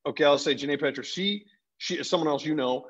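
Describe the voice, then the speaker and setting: A man co-hosting a casual talk show, chatting in an animated way and laughing easily. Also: a little high, quick pace, slightly rough. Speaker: co-host. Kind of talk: casual chat. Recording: dull lo-fi sound.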